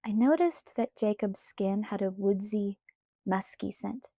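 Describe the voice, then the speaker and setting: Woman narrator for a novel read-aloud, unhurried and mellow. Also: mid-range voice, no echo, clean studio sound. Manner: unhurried, even storytelling. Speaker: audiobook narrator.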